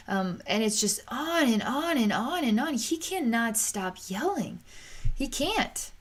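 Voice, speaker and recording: A woman psychic reader narrating a vision as it unfolds, in a halting, searching way with frequent restarts, soft and low-key, rising in pitch when she describes anger. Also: lively intonation.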